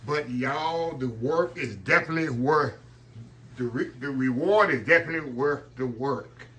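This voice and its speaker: A man's voice: medium pitch, lively intonation, normal speed, pushed and bright. A man hosting a casual cooking demonstration in his kitchen, talking folksy and keeping the viewers close. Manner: folksy, keeps addressing viewers as y'all. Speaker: cooking show host.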